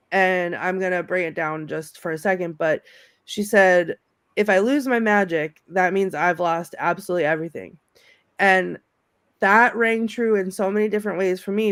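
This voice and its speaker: A woman co-hosting a casual film chat over a video call, lively and laughing as she acts out favorite quotes. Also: medium pitch, clear, resonant tone, no room sound, studio quality. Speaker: podcast co-host.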